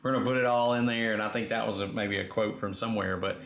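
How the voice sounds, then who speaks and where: A man's voice: on the low side, steady tone, fast, gravelly, fairly bright tone, reverberant. A man co-hosting a casual talk show, reflective and thinking aloud with many fillers. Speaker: podcast co-host. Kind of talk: casual chat.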